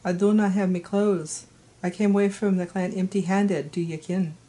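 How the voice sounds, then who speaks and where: A hoarse woman voicing a gruff, reluctant young male werecat with an attempted Scottish accent in a story she reads aloud. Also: medium pitch, steady tone, moderate pace, mellow, close to an everyday voice. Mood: grudging.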